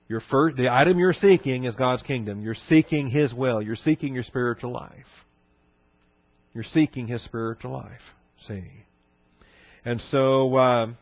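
A man's voice: mid-range voice, no echo, dull audio. A man preaching a teaching sermon in a conversational way, with rhetorical questions, fillers and restarts. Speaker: pastor.

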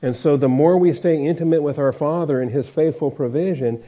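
Male pastor, very dark mellow tone, chatty verse-by-verse Bible teaching, dull lo-fi sound. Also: on the high side, a little fast. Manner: conversational, with many fillers and restarts. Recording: dull lo-fi recording.

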